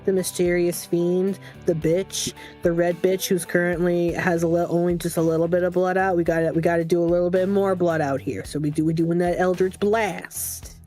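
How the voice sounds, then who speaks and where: A woman's voice: on the low side, little pitch movement, normal speed, few pauses, warm tone, faint music behind. A woman playing a tabletop game who talks casually, swears freely and laughs often. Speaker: player.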